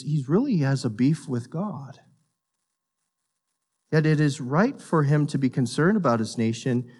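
A man preaching a sermon, earnest and emphatic, repeating words as he builds a point and sinking low and quiet on solemn lines. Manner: repeats words while thinking. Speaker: pastor.

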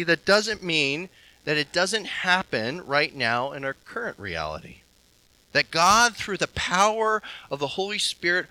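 A man preaches a sermon in a high, very bright voice. His delivery is impassioned, dropping to a hush and then rising loud. The sound is dry and close. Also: dry recording, poor audio. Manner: impassioned, swinging from hushed to loud.

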